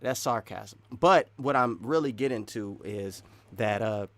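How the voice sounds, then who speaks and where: A man giving casual, excitable live-stream commentary while wearing earphones, rambling and swinging between loud and soft. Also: fairly low pitch, a little slow, no room sound. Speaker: streamer reacting to game news.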